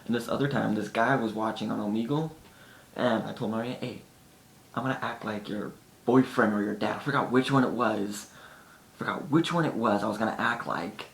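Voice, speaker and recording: In an echoey room with a faint rumble underneath, a vlogger talks to the camera in a fairly quick, creaky voice. He chats casually through his stories and sometimes voices his friends' lines himself.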